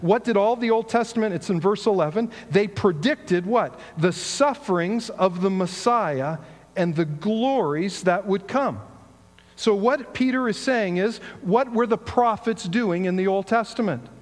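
A man's voice: high-pitched, a little slow, long reverb tail. A man giving a sermon in a conversational storytelling way, asking rhetorical questions. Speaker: pastor.

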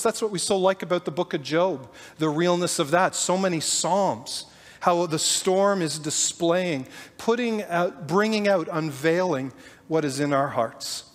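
High-voiced man preaching in a reverberant hall. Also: normal speed. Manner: earnest, animated storytelling. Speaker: pastor. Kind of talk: sermon.

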